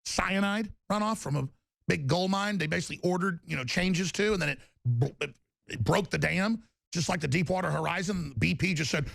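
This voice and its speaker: A gravelly, fry-heavy man rants through a talk-radio monologue, his voice sitting a little high for a man. The sound is dry and close, with no room around it. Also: fairly quick, a bit bright, no room sound. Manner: ranting, mocks opponents in put-on voices.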